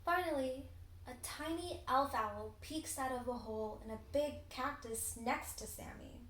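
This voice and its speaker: A teenage girl narrating a children's picture book in an expressive, deliberate read-aloud style. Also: high-pitched, reverberant, slight background noise, poor audio. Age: teens. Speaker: storybook reader.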